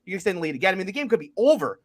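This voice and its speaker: Man, sports co-host; excitable, rapid, high and lively delivery. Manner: excitable, animated storyteller. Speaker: podcast co-host. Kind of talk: casual sports chat.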